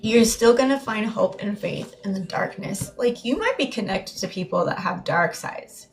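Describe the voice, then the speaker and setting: A woman's voice: mid-range voice, normal speed, soft background music. A woman giving a live tarot reading in a meandering, heartfelt way, often repeating and restarting her words. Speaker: tarot reader.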